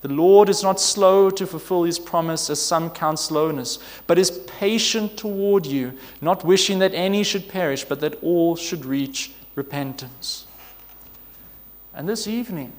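Preacher, male, high-pitched, earnest sermon delivery with pleading questions, long hall reverb. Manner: earnest, building to emphatic pleas and rhetorical questions.

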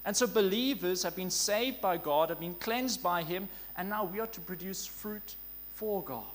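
High-voiced earnest male preacher. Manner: earnest, emphatic, slows down on key phrases. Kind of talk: sermon.

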